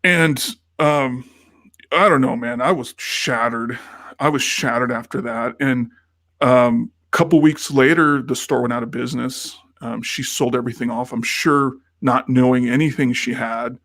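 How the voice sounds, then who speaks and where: A man's voice: mid-range voice, steady tone, normal speed, fairly bright tone, dry recording, studio quality. Chatty man telling a long story. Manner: rambling storyteller, acts out quoted dialogue. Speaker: podcast co-host. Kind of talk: casual chat.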